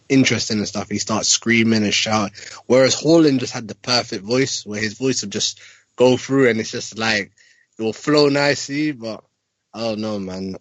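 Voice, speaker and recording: A man's voice: medium pitch, fairly bright tone, no room sound. Blunt man on a dull lo-fi line. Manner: blunt, swears, trails off with "like" and "man". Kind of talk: casual boxing chat. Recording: dull lo-fi sound, dry.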